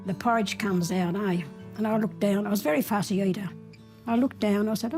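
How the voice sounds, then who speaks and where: A woman's voice: medium pitch, fairly quick, darkish tone, soft background music. A woman in her seventies with an Australian accent, telling her childhood story in a blunt, plain-spoken way with dry defiance. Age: 70s. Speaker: interviewee recounting her childhood.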